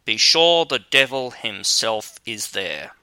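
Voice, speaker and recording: A man's voice: fairly low pitch, very animated, slow, pushed and bright, clear, resonant tone, dry recording, full character voice. A man voicing a gloomy companion in a storybook tale who warns in rhyme. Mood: ominous. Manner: rhyming, ominous.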